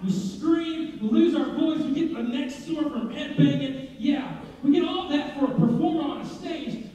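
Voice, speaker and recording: A young male pastor with a high, mellow voice preaches a lively, joking sermon and keeps asking the congregation questions. He is recorded from a distance in a big echoing church hall, and the sound is dull and muffled. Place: church sanctuary.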